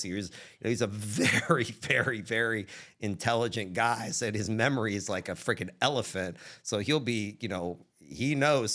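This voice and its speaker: A man guest from Texas telling stories in a casual interview, animated, acting out quoted dialogue with shifting voice. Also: fairly low pitch. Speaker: guest entrepreneur.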